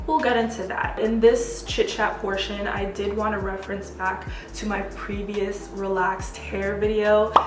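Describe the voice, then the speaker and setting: A young adult woman chatting casually to camera as a vlogger, with lots of "like" and "you guys". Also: mid-range voice. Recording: echoey room, faint background music.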